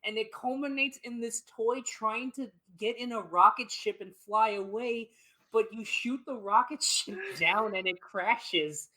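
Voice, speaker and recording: A woman's voice: fairly high pitch, unhurried, sharp tone, rough recording. A woman co-hosting a gaming podcast, retelling a game scene in casual chat, swearing freely and laughing as she goes. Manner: swears often, laughs while telling. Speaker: podcast co-host.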